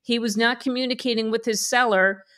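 A woman co-hosting a podcast, reading a forum post aloud in a playful way and dropping in quick comments between lines. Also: fairly high pitch, fairly even intonation, fairly bright tone. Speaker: podcast co-host.

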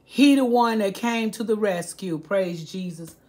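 Slow, pleading older woman. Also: mid-range voice, darkish tone. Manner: pleading, preachy, repeats herself, acts out voices. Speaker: home cooking vlogger. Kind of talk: earnest warning to viewers.

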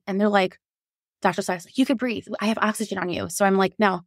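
A woman's voice: fast talker, no room sound, clean studio sound. A woman in her thirties, a nurse, telling her own birth story as a podcast guest, candid and emotional, acting out what she said back then. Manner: emotional, acts out her own quoted lines with rising pitch.

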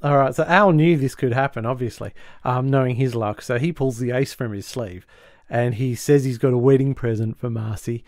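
A man hosting a podcast, who recaps a sitcom episode in a casual, animated way and acts out the quotes. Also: medium pitch, normal speed, few pauses, dry recording, studio quality. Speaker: podcast host. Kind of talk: casual chat.

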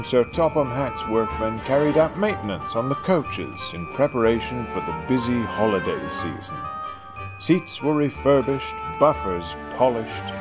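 A man narrating a storybook tale with expressive delivery, slowing for suspense. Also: medium pitch. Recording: music playing underneath.

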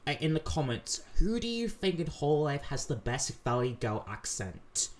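A woman hosts a reaction video in casual commentary. Her voice sits very low for a woman yet moves around a lot in pitch. She rambles and restarts often. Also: big pitch swings, moderate pace, darkish tone. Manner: rambling, lots of fillers and restarts. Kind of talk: casual commentary over clips.

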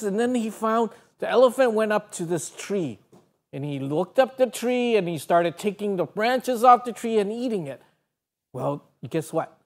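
Woman storyteller, animated kids' segment, studio broadcast. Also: medium pitch. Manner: animated, sound effects. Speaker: children's storyteller. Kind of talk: children's story and devotional.

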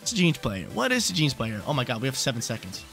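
Young man, game commentary, bright voice, animated pitch, repeats himself, faint music behind. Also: quick pace, vocal fry. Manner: excitable, repeats himself, talks to himself. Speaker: gaming YouTuber.

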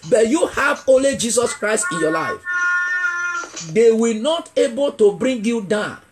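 A man's voice: very high voice, expressive, unhurried, heavy background noise. Male evangelist preaching emphatically. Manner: call-and-response questioning, repeating key phrases; emphatic, builds to shouting. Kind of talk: revival sermon.

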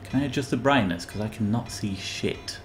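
A man's voice: on the low side, a little fast, slight background noise. A young man commentating his own game live, sarcastic and swearing, yelping when startled. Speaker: gamer playing live.

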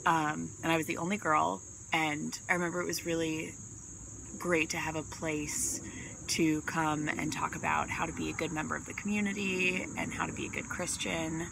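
A young woman giving a slow, soft-spoken video greeting. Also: low voice, little pitch movement, gravelly, noisy background. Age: young adult.

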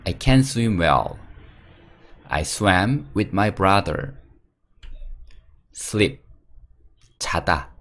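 Slow, deep-voiced man drilling vocabulary. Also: fairly bright tone. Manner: reads word, meaning, then example sentences. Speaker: English teacher.

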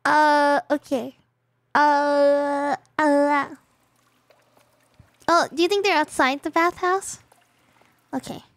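A woman with a strikingly high voice chats through a gaming livestream in a playful, dramatic way. She talks slowly and breaks into exclamations, and her voice sounds close and dry, with no room around it. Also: fairly even intonation, no room sound. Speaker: streamer.

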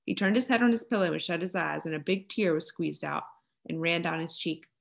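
A woman narrating a children's audiobook in a steady storytelling manner. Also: lowish voice, a little fast, creaky. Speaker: volunteer audiobook reader.

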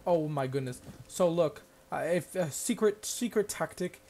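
A man's voice: fairly high pitch, lively intonation, a little slow, darkish tone, slight background noise. A young man giving gameplay commentary, swinging into mock-dramatic panic and sarcastic hype. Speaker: gaming channel host.

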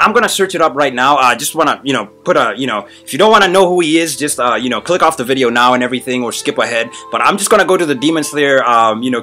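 A man hosting a reaction video, reacting out loud with frequent exclamations and lots of filler words. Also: medium pitch. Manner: excitable, exclaims often, many fillers. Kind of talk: live reaction commentary.

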